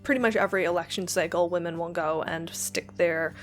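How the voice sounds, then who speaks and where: A woman who reads a poem softly, sinking into whispers at the line ends, then explains it in a chatty way with quick asides and ums. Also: fairly low pitch, faint music behind. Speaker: poetry reader and lecturer.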